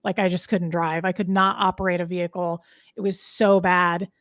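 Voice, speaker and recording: A woman's voice: on the low side, flat delivery, moderate pace, dry recording, clean studio sound. A woman in her thirties telling a personal story in a casual interview, frank and rambling, with many fillers and restarts. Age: 30s. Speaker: podcast guest. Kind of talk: candid storytelling in casual chat.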